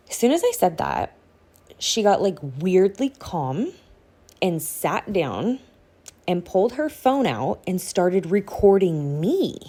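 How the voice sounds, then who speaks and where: A woman's voice: lowish voice, a little mellow. A young adult woman, a podcast guest, telling a personal story candidly with many "like" fillers.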